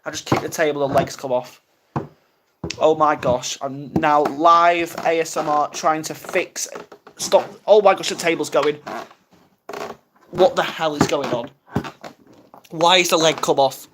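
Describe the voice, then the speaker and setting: A man's voice: a little high, steady tone, a little slow, pauses often, fairly bright tone, a little hiss or hum. A young man from the UK chatting casually on a live stream, flustered and rambling, mocking himself as he goes. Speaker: ASMR livestreamer.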